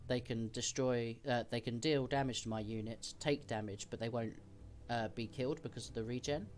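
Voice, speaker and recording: A man's voice: mid-range voice, fairly even intonation, normal speed. A man streaming a card game, explaining each decision as he thinks aloud. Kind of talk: casual gameplay commentary.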